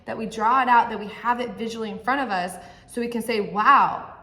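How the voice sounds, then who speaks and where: A woman's voice: on the high side, steady tone, fast, a bit bright. Earnest woman coaching in an echoey room. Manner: earnest, coaching, keeps checking in with the viewer. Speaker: mindset coach. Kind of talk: motivational talk to camera.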